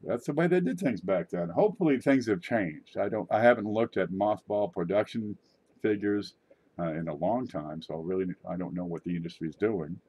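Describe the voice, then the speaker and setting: A man's voice: low voice, expressive, moderate pace, warm tone. A middle-aged man hosting his own channel, rambling and joking in a casual monologue. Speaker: channel host.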